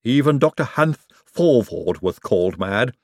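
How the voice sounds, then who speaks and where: A man doing a solemn, deadpan manservant. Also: medium pitch, unhurried, dry recording, clean studio sound. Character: solemn servant with odd folk sayings.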